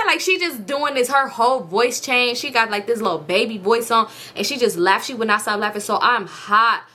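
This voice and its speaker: Bright, blunt young woman telling a story. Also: fairly high pitch, moderate pace, hardly any pauses. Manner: animated, acts out quoted dialogue in a raised voice; blunt and profane, slangy. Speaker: storytime vlogger. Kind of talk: casual storytelling to viewers.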